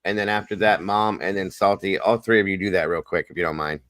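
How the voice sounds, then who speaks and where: A man's voice: low voice, steady tone, fast, a bit bright, no room sound. A man with a Southern US accent hosting a casual livestream chat, folksy, repetitive and upbeat. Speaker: host.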